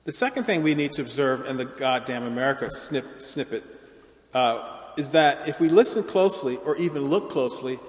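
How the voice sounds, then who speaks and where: A man giving an academic lecture in a measured, explanatory way, with occasional restarts. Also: mid-range voice, animated. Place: large lecture hall. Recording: roomy hall reverb.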